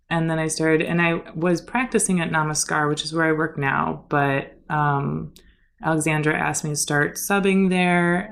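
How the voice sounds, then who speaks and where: A woman's voice: low-pitched, gravelly. A young woman, a podcast guest and yoga teacher, telling a story in a chatty way full of fillers and "like"s. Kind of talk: casual storytelling.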